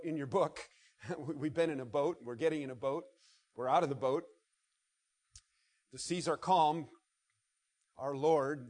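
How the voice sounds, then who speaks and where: Reading scripture with mounting intensity, a preacher slows for emphasis and occasionally turns to the congregation with casual asides. His voice is a little high with a darkish tone.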